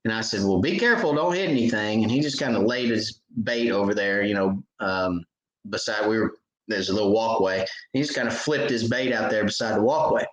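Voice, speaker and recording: A man's voice: on the low side, fairly quick. Guy chatting live on his fishing show, rambly storyteller, laughs at his own stories, echoey room. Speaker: fishing show host answering viewer questions. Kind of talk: casual live Q&A chat.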